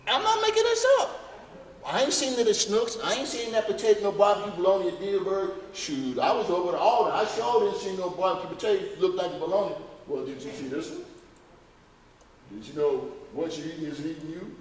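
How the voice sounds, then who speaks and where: A man's voice: high voice, lively intonation, brisk. A man giving a health lecture to a church audience, folksy and emphatic, firing off rhetorical questions at the crowd. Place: church hall. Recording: echoey hall recorded from far off.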